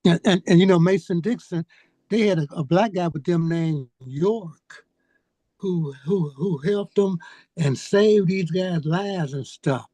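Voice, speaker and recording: A man speaks very slowly in a mellow, dark tone, dry and close. He pauses and repeats words, feeling his way through each thought in casual chat. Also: high-pitched, no room sound. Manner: halting, repeats words as he searches for them. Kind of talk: casual chat in a video call. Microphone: video call.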